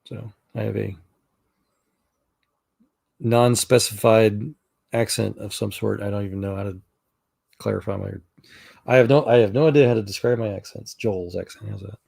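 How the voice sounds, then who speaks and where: A man's voice: fairly low pitch, fairly even intonation, normal speed, vocal fry, pauses often, a little mellow, breathy edge. A middle-aged man from Texas telling rambling stories in a casual chat, with many fillers and restarts. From Texas, USA. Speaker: chat room participant.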